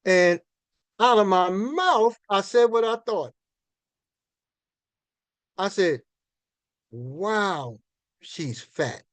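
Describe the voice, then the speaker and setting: High-voiced older man telling folksy stories. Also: slow, pauses often, clean tone, no echo. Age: 60s. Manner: folksy and conversational, repeats and restarts words. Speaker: minister giving a finance talk. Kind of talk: storytelling lecture to an audience.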